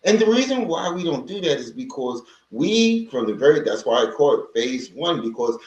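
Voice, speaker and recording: Male livestream host, lively pitch, chatty and rambling, roomy echo on the mic. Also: normal speed, lo-fi sound. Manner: rambling, conversational, with many restarts; greets viewers from the chat. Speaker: livestream host on healing from narcissistic abuse. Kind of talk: casual livestream talk. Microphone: livestream microphone.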